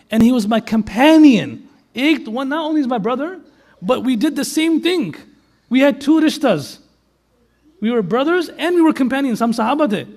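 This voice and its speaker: Male preacher, very high voice, animated storyteller who questions the listeners and mixes in Arabic and Urdu phrases. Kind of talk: storytelling sermon.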